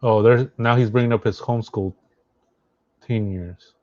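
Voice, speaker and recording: A man doing casual live commentary as a streamer, thinking aloud and halting with fillers and restarts. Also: fairly low pitch, steady tone, a little mellow, dry recording, highs cut off. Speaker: streamer reacting to social media posts.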